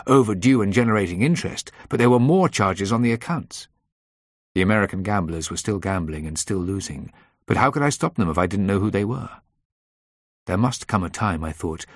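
A man reading a first-person audiobook in a measured, tense manner. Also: on the low side, husky, no echo, clean studio sound. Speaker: audiobook narrator. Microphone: close dry studio mic.

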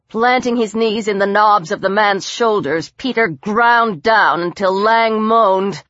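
A woman narrating an audiobook in a tense, even storytelling manner. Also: medium pitch, no room sound. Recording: dull, dry lo-fi recording.

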